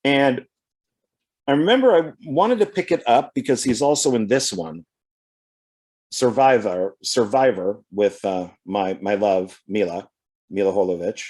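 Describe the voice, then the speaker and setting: A man vlogs about his DVD collection, casually going over his purchases, chatting and reading the back covers aloud. He speaks at normal speed in a medium-pitched, darkish voice.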